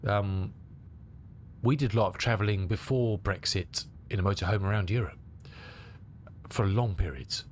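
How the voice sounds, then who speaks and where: A man's voice: lowish voice, moderate pace, pauses often, slight background noise. A middle-aged man from England with a cold, chatting casually with his live-stream viewers and rambling as he answers their comments. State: has a cold. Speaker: flight sim streamer.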